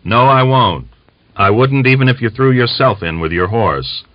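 A man's voice: mid-range voice, expressive, moderate pace, no room sound, highs cut off, pitched above the performer's own voice, natural voice. A man voicing a weary, irritable Cossack soldier in a read-aloud novel. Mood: curt. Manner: curt, irritable.

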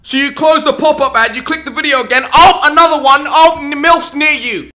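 A young man delivering a profane comedic rant, swearing constantly and bursting into shouts. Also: very high voice, brisk. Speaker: comedy ranter.

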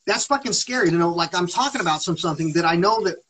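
A man's voice: sits high, expressive, fast, a bit bright, a little hiss or hum, poor audio. A man talking on a live stream in an agitated, rambling monologue, swearing heavily. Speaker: livestreamer.

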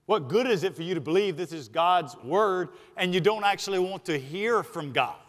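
High-voiced Southern pastor preaching in a hall. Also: male voice, expressive, a bit bright. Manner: emphatic, slows for stress, then rushes asides. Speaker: senior pastor. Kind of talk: sermon. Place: church sanctuary. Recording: long reverb of a church sanctuary.

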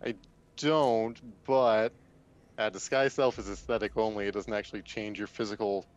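A man's voice: fairly low pitch, fairly even intonation, normal speed, highs cut off. A man playing a tabletop game, talking in a casual, laid-back way. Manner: casual, laid-back, "dude"-style talk. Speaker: player.

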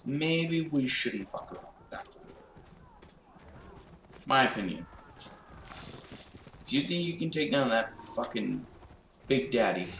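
A young man commentating his gameplay, swearing and breaking into panicked shouts. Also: mid-range voice, distant mic. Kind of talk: let's play commentary. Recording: roomy, off-mic, noisy background.

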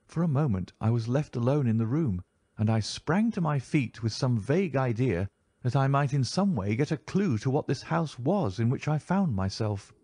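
A male narrator reading a classic detective story in a measured, even way. His voice sits at an ordinary middle pitch, and the recording is dry and close, with no room sound. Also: husky, no room sound. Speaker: audiobook narrator.

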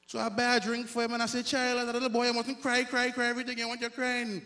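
A man from Grenada with a Grenadian accent, performing a loud, self-mocking stand-up comedy set on stage. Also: extremely high pitch, completely flat delivery, quick pace. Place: live comedy stage before an audience.

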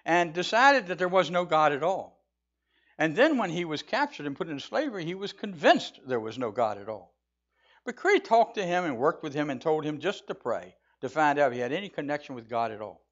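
Man telling jokes and preaching, slightly high voice. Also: big pitch swings, a little fast, fairly bright tone, muffled recording. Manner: folksy, conversational, with restarts and chuckles. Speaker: church speaker. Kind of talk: sermon with jokes. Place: church sanctuary.

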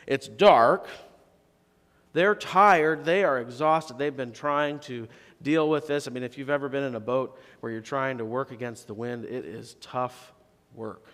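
A male pastor preaching a sermon in a conversational way, rising to emphatic questions and dropping to soft, low phrases. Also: measured pace. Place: church sanctuary. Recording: long reverb of a church sanctuary.

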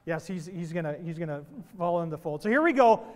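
A man's voice: a little high, brisk. A man preaching to his congregation, telling playful jokes before his sermon. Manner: playful, animated joke-telling. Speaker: pastor. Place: church sanctuary. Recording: long reverb of a church hall.

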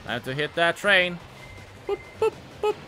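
A man streaming a racing game, reacting out loud with yelps, groans and laughs as he plays. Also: sits high, huge pitch swings, moderate pace, faint music behind. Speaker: gaming streamer. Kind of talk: live game commentary.

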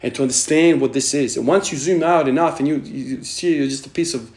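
A man in his thirties, a strength training vlogger, gives a blunt, profane, emphatic motivational monologue, repeatedly hammering points home with "man." His voice is on the high side, brisk and a little mellow, recorded in an echoey room.

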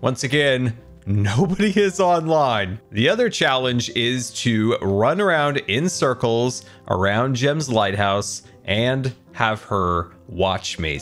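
A man's voice: mid-range voice, a bit bright. A man giving casual, playful commentary over his game footage, giggling often and reading things out with theatrical flair. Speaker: Minecraft let's-play host.

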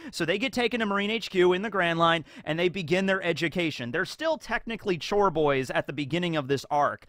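Man, casual rambling commentary, slightly high voice, dry close sound. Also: expressive, fairly quick, fairly bright tone, no echo. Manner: rambling, with many fillers. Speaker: video host.

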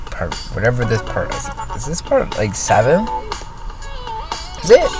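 A man giving casual let's-play commentary on a driving game, rambling and cutting himself off mid-sentence. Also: on the low side. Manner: rambling, self-interrupting, giggly. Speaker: gaming channel host. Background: game music.

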